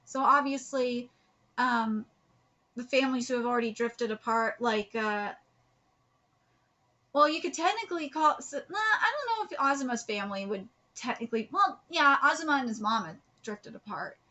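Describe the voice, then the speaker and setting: A woman's voice: fairly high pitch, lively intonation, normal speed, pushed and bright, muffled recording. A woman hosting a live manga reaction, talking in an earnest, heartfelt way and rambling with restarts. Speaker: host reacting to a manga chapter.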